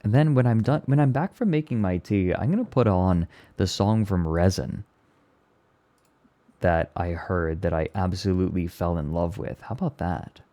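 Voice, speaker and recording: A man streaming and chatting casually with his viewers, speaking gently and with enthusiasm. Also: low voice, moderate pace, dry recording. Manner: gentle, soft-spoken. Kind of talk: casual live-stream chat, answering chat.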